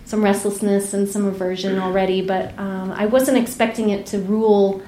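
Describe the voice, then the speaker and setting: A woman's voice: medium pitch, steady tone, normal speed, reverberant, a little hiss or hum. Candid woman telling a retreat story. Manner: candid storytelling, laughs often, dips soft and whispery. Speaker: meditation teacher. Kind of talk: dharma talk. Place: retreat center meditation hall.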